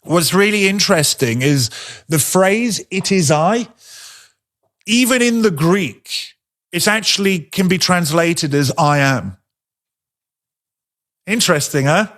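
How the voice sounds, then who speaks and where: A man teaching a sermon in a conversational way, asking rhetorical questions and slowing down to stress his points. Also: on the high side, animated, a bit bright.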